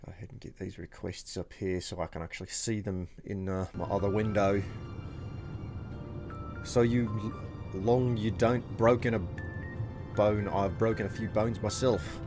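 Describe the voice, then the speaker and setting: Guy streamer rambling while he plays, lowish voice, game music going in the back. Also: fairly even intonation, normal speed. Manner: casual, rambling, thinking aloud while playing. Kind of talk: live game stream chat.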